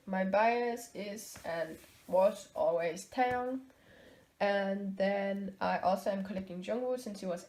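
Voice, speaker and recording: A young woman with a soft, mellow voice chatting casually in a vlog. She rambles, hesitates often with ums, and corrects herself as she goes. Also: mid-range voice. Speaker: vlogger showing her collection. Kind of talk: casual chat.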